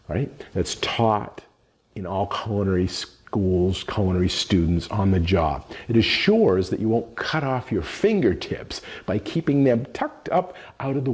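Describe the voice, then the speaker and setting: This culinary instructor is a middle-aged man with a lowish, slightly rough voice of darkish tone. He demonstrates a dish, describing each step as he handles the food.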